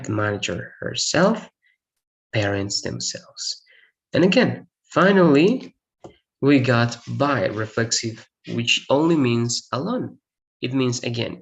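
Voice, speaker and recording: Slow, gravelly-voiced male English teacher. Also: mid-range voice. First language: Spanish. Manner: explains patiently, repeats examples, checks in with "all right?". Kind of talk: recorded grammar lesson.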